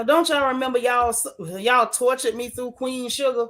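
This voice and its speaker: The host of a reality TV recap channel, a woman, reacts live to a reunion episode and reads viewer chats aloud. Chatty and blunt with relaxed colloquial grammar, she speaks at normal speed with few pauses in a voice on the high side.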